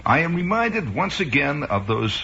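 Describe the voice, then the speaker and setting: A man's voice: a little high, big pitch swings, moderate pace, gravelly, sharp tone, slight background noise. A man in his forties from Chicago, a radio host rambling through a wry, improvised comic monologue. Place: radio studio. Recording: muffled 1960s radio broadcast.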